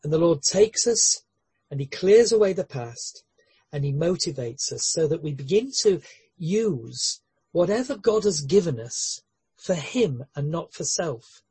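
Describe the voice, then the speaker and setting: A man's voice: a little high, expressive, unhurried, a little mellow, husky, no echo. A man preaching a sermon in an earnest way, with light humorous asides and frequent word repetitions and restarts.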